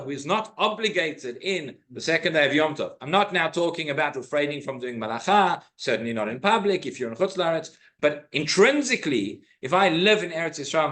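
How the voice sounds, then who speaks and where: Man, rabbi, synagogue class, slightly high voice, explanatory, reads Hebrew quotes. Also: fairly bright tone. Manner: explanatory, with frequent restarts and Hebrew quotations. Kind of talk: informal Torah class lecture.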